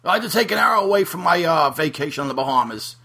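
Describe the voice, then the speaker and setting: A man's voice: fairly high pitch, expressive, fast, vocal fry, heavily acted. A man doing a ranting, boastful rock star. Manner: ranting with shouted outbursts and stammering repeats. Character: brash foul-mouthed boastful aging male rock star. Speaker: podcast host. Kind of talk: comedic impression on a podcast.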